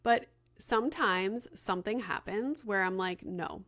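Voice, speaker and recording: A woman's voice: medium pitch, measured pace. A woman in her thirties hosting a podcast, casually telling a story with lots of "like" fillers and acted-out dialogue. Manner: chatty, many "like" fillers, acts out quoted dialogue. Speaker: podcast host.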